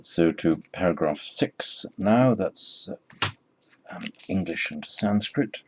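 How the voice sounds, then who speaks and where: A man teaching a Sanskrit lesson, slowly repeating each phrase for the learner. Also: low-pitched, animated, slight background noise. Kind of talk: recorded language lesson.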